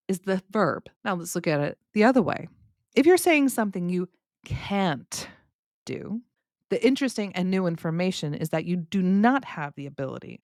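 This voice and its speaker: A woman with a Californian accent touched by Southern US speech, hosting a podcast English lesson in a lively, demonstrative way and stressing words to teach. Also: mid-range voice, creaky, no room sound, clean studio sound. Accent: Californian with light Southern US touches.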